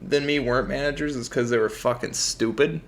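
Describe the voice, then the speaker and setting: A man's voice: medium pitch, steady tone, a little fast. A young American man co-hosting a podcast, telling profane work stories in casual chat and laughing often. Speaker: podcast co-host.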